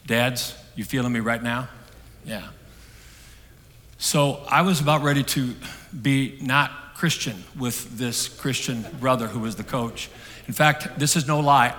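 A middle-aged man preaching a sermon, telling a story that swings from hushed and soft to loud. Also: medium pitch. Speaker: pastor. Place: church hall. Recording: long hall reverb.

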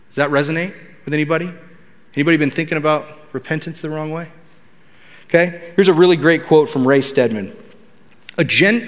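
A man's voice: fairly high pitch, fairly bright tone. A man preaching a sermon to his congregation in a conversational way, asking them questions. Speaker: pastor. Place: church hall. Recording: long hall reverb.

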